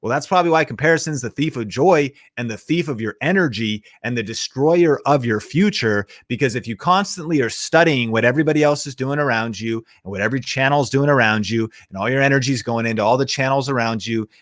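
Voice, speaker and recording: A man's voice: medium pitch, fairly quick, hardly any pauses, fairly bright tone. A man hosting a motivational live show, talking in a punchy, fired-up, slangy way. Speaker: show host. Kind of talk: motivational livestream talk.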